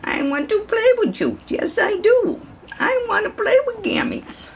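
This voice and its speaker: A woman voicing a playful male puppy who begs to play, in high baby talk. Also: huge pitch swings, measured pace, creaky, slight background noise, heavily acted. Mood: eager.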